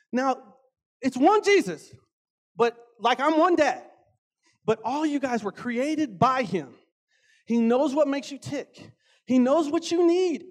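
A man, a lay preacher and father, giving an earnest, emphatic sermon in a church, repeating phrases for stress. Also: very high-pitched.

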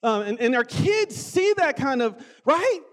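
A man preaching a casual sermon, animated and conversational, often acting out voices. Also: very high voice, unhurried.

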